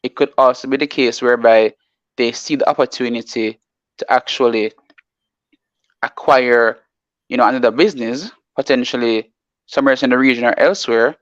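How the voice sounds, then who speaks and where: A man's voice: mid-range voice, no echo, muffled recording. A man working as a market analyst on a live show, reading out formal text and explaining it at length, with many "you know"s.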